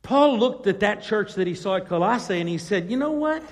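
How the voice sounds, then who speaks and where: A male pastor preaching a sermon, dropping to quiet asides and then climbing to loud, emphatic questions. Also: sits high, expressive, brisk, hardly any pauses, in a large hall.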